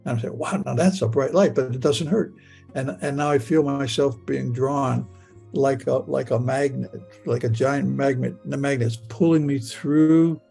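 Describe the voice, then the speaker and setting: A man's voice: medium pitch, creaky, warm tone, husky. An older man telling a personal story in the present tense, stammering and repeating words as he goes. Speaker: near-death experience storyteller.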